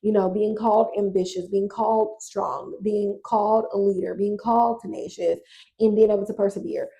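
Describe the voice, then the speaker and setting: A woman hosting a podcast, recapping a TV drama in a casual, blunt, animated way with slang and swearing. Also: mid-range voice, moderate pace, gravelly, low-quality recording. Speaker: podcast host.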